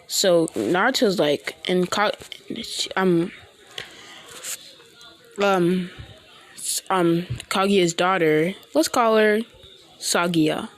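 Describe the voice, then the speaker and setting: A woman improvising a fan story, halting and rambling with many restarts. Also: on the low side.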